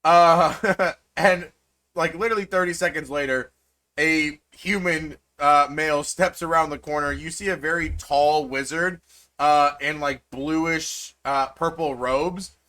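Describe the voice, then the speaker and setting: Bright-voiced man running a tabletop game. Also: a little high, steady tone, measured pace. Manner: loose, rambling narration with many fillers. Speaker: game master.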